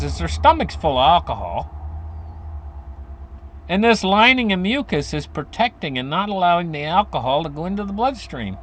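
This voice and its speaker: A man's voice: a little high, fairly bright tone. A man talking casually to his viewers about finances, rambling, restarting sentences and chuckling as he goes. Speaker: finance commentator.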